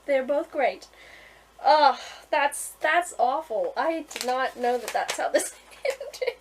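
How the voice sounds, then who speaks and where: Giggly high-voiced woman. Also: animated, takes it slowly, noisy background. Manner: giggly, keeps breaking into laughter; chatty, with many fillers and restarts. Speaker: author reading aloud from her own book. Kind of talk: casual vlog chat and reading aloud.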